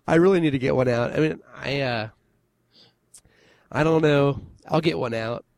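A man co-hosting a podcast, chatting in a relaxed, joking way and chuckling between lines. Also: medium pitch, a little slow, creaky, no room sound. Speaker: podcast co-host. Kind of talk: casual chat.

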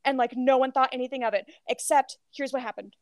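A woman co-hosting a podcast, telling gossip in a lively casual chat, full of "like" and cursing. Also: high voice, quick pace, no echo. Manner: animated storytelling, heavy filler "like", swears freely. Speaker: podcast co-host.

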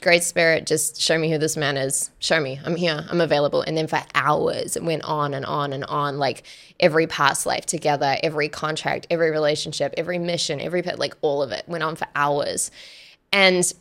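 A woman guest telling a personal story in casual chat, animated, acting out quoted dialogue and laughing often. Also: sits low, fairly quick, creaky. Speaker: podcast guest.

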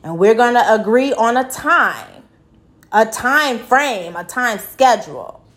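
A woman's voice: on the high side, animated, takes it slowly, a bit bright. A middle-aged woman telling a personal story in a blunt, profane, rambling way, full of fillers. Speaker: vlogger commenting on a news case. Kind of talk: casual storytelling commentary.

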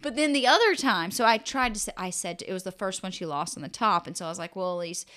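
A woman's voice: medium pitch, fast. A woman in her thirties co-hosting a podcast, telling family stories in casual chat and acting out what people said. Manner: animated storytelling, acts out quotes. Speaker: podcast co-host.

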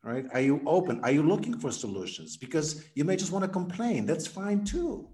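A man on a podcast explaining sales messaging, energetic and acting out sample conversations. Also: on the high side, normal speed. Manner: energetic, acts out example dialogues. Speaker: guest, sales coach. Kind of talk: podcast interview.

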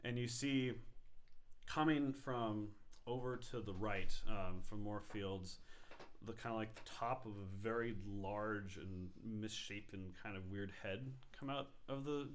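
A man running a tabletop game as game master, narrating in a halting way full of fillers. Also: lowish voice.

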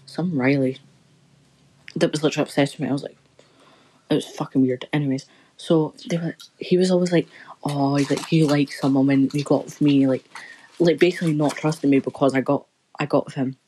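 Young woman, low voice, rambling sweary storytelling, casual podcast chat. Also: fairly even intonation, fairly quick, dark tone, a little hiss or hum, poor audio.

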